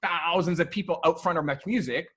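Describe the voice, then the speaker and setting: A man with a slightly high voice tells a long story casually. He is animated, swears freely and acts out the voices of the people he talks about. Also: brisk, husky. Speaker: photographer guest. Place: podcast studio.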